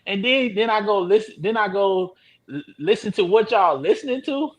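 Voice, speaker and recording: A man talks on a podcast panel, his voice sitting high and leaping wildly up and down. He is heated and profane, sliding from low mutters into loud outbursts. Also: moderate pace. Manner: heated, swings from low and quiet to loud shouting; profane, animated storytelling. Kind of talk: casual panel chat.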